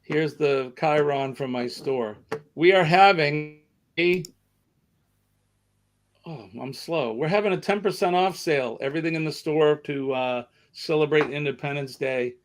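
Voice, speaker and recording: A man's voice: on the high side, unhurried. A man with a Southern American accent hosting a live stream, chatting casually and rambling with many fillers. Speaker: livestream host.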